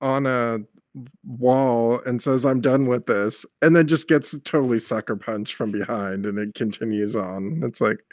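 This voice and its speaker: A male podcast co-host in casual movie-review chat. He is mid-pitched and animated, and he strings one thought into the next. The sound is dry, with no room echo. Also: measured pace. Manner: animated, builds long run-on explanations.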